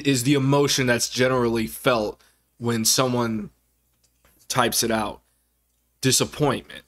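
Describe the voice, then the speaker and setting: A man's voice: medium pitch, a bit bright. A man talking casually about his football team in a vlog, rambling with many fillers and restarts. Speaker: sports fan vlogger. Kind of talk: casual sports commentary vlog.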